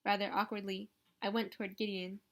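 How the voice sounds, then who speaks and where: A woman narrating a novel in the first person with steady, even reading. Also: mid-range voice, a little fast. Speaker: audiobook reader.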